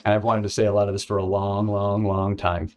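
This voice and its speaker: A man telling a personal story in a casual, halting way, repeating words and acting out what others said. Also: lowish voice. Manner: halting, repeats words, lively quoting voices. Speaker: former contestant telling his story.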